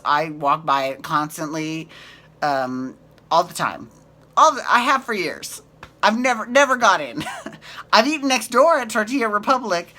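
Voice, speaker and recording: Brief: woman with a low, bright voice, chatty and blunt, sarcastic, swears often. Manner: rambling, sarcastic, swears freely. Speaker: recap vlogger. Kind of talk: casual recap chat.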